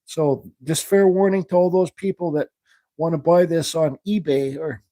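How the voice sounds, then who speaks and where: Male live-stream carving host, rambling, slightly high mellow voice. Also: steady tone, normal speed, no room sound. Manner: rambling, thinks aloud while working; reads viewer questions aloud. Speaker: woodcarving livestream host. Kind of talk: casual live demonstration chat.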